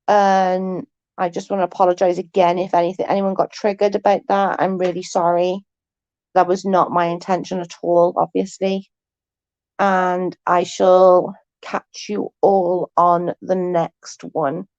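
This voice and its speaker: A woman's voice: on the low side, level tone, measured pace, a little mellow, dry recording, highs cut off. A woman hosting a live stream, chatting casually with viewers; she is tired, stutters a little and keeps restarting her sentences. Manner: mild stutter.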